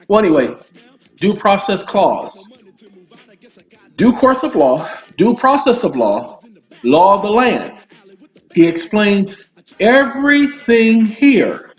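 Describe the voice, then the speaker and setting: A man casually reading legal documents aloud and explaining them to his viewers, with lively asides and frequent check-ins. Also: sits high. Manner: animated, addresses listeners as y'all, breaks off into asides. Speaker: legal commentary host. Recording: roomy, dull sound with faint music.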